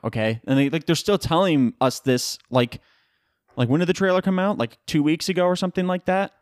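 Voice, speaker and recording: A man's voice: on the high side, fairly quick, no echo, studio quality. A young man hosting a solo podcast in a casual, rambling style, often correcting himself mid-sentence. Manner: rambling, self-correcting, animated asides. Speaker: podcast host.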